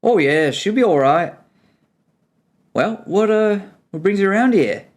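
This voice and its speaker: A man's voice: high voice, lively intonation, unhurried, voice pushed up. A man voicing a jovial, thickly bearded male dwarf leader with a New Zealand accent. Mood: friendly. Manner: friendly, hearty.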